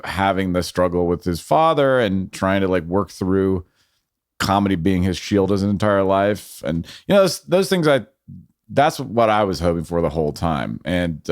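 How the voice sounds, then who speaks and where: A man with a very low voice speaks as a podcast guest, thinking aloud and circling back to restart his sentences. His voice comes across close and dry, without room echo. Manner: reflective, with restarts. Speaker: filmmaker guest. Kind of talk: casual conversation.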